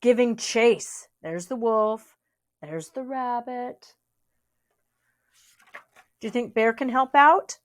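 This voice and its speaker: A woman's voice: on the high side, slow pace, long pauses. A young adult woman reading a storybook aloud, with chatty asides to young listeners. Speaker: reader.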